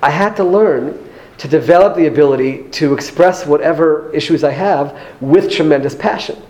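A man's voice: fairly high pitch, moderate pace, darkish tone, rough recording. A man with an American accent giving a speech to an audience as a former member of parliament, telling earnest personal anecdotes with light humor. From United States.

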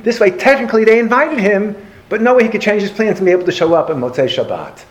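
A man giving a storytelling lecture on Jewish history to a live audience, animated and anecdotal with dry humor. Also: high-pitched, quick pace, dull audio.

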